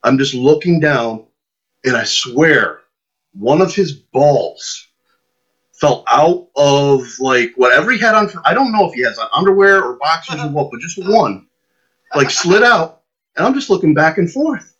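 This podcast guest speaks at a measured pace in a voice on the high side with a breathy edge. He tells a long, relaxed anecdote as a lively storyteller, voicing the people in it and performing his own lines too, all through muffled lo-fi audio.

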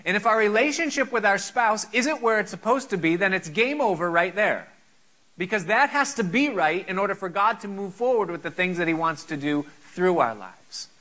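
High, bright-voiced male preacher. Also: animated, normal speed, low-quality recording. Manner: rhetorical, questioning, earnest. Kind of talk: sermon.

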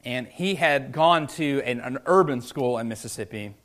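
A male pastor preaching a sermon in an earnest, conversational way, restarting phrases often and swinging from loud emphasis to quiet, low lines. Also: moderate pace. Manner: swells loud and high for emphasis, drops low and soft on key lines.

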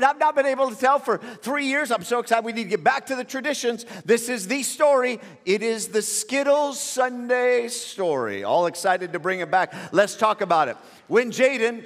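Pastor, male, high and very expressive voice, comic storyteller, recorded in a reverberant sanctuary. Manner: animated, repetitive starts, comic exaggeration. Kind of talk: sermon with personal storytelling. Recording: long reverb of a large hall.

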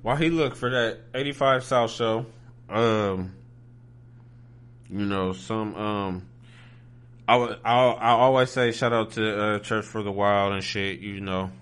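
A man's voice: sits low, a bit bright. A man from Ohio hosting a podcast, talking in a laid-back, slangy casual chat style, often asking "you feel me". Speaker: podcast host.

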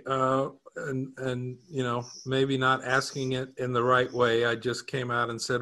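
A man with a bright, forward voice tells a personal story in a relaxed, conversational way. He is self-deprecating, chuckles now and then, and often restarts his sentences. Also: mid-range voice, a little slow, hardly any pauses. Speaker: co-host. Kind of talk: casual anecdotal storytelling.

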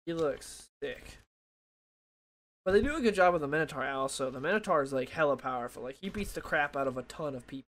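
A young man with a slightly high voice talks casually into a desk mic, rambling loosely through a comic book review. He restarts his sentences and leans on fillers as he goes. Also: animated, fairly quick, a bit bright. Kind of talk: casual solo review talk. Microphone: desk microphone.

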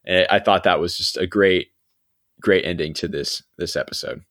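A young man hosting a podcast, recapping a TV episode in a relaxed, chatty way, often laughing and trailing off quietly. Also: low-pitched, moderate pace. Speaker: podcast host. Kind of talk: casual chat recapping a TV episode.

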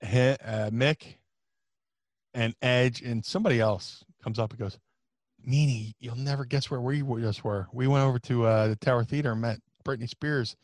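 A man telling a casual, animated story as a podcast guest, jumping into a high falsetto when he quotes himself. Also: normal speed, no echo. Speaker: podcast guest, former wrestler.

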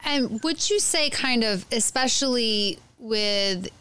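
A woman's voice: fairly high pitch, expressive, slow, pushed and bright, clean tone, dry recording. A woman hosting a podcast, asking long, rambling questions full of fillers. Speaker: podcast host. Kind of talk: conversational interview questions.

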